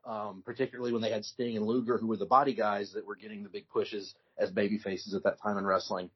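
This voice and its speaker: A man co-hosting a podcast in casual chat, telling stories in a relaxed way with frequent restarts. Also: fairly low pitch, quick pace, slightly rough. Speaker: podcast co-host. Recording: dull lo-fi recording.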